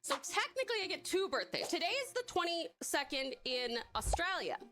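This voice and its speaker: A woman chatting casually while playing a game, excitable and quick to swear when startled. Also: high-pitched. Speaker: streamer. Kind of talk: casual gameplay chat.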